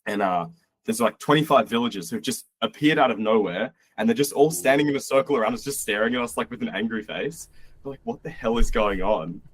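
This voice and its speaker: Medium in pitch with a breathy edge, the young man talks at a quick pace. An Australian guest on a podcast, he animatedly shares travel tales, voicing quotes and dropping swear words in easygoing storytelling.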